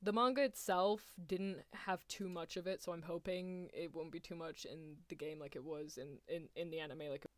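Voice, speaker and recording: A woman's voice: fairly low pitch, normal speed, hardly any pauses, dry recording. Dry-sounding gushing woman streamer. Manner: gushing and excitable, laughing, drifting between loud cries and hushed near-whispers. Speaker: streamer reacting to an anime. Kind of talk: excited live reaction commentary. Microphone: headphones on while streaming.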